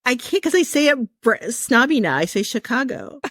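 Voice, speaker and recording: A woman from Michigan co-hosting a podcast in a casual chat. She tells stories in an animated way, acting out quotes and laughing. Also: fairly high pitch, normal speed, dry recording, studio quality. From Midwestern US, Michigan. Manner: animated storyteller who acts out quotes and laughs. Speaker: podcast co-host.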